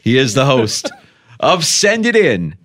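A man co-hosting a sports talk show, chatting in an animated, jokey way. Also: medium pitch, takes it slowly, no room sound, studio quality. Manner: animated, jokey, does goofy voices. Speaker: sports radio co-host.

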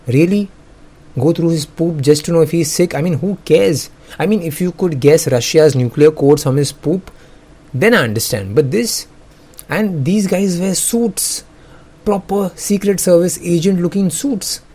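A man's voice: fairly high pitch, measured pace, warm tone, slightly rough. A young man, hosting comedic news commentary in a sarcastic, joking way and laughing often. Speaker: host.

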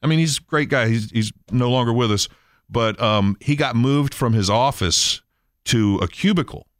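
A man hosting a radio show, chatting casually and telling animated stories. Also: mid-range voice, normal speed, dry recording, studio quality. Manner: storytelling, animated in anecdotes.

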